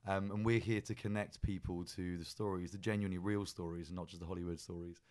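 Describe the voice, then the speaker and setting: A man's voice: deep voice, steady tone, quick pace, a little mellow, no room sound. A man hosting a podcast, chatty and rambling with many ums as he introduces his guest. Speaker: podcast host.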